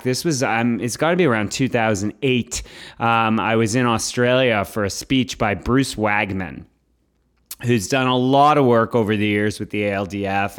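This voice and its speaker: A man's voice: mid-range voice, fairly bright tone, clear, resonant tone. A man co-hosting a podcast in casual chat, playful and teasing, often laughing. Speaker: podcast co-host.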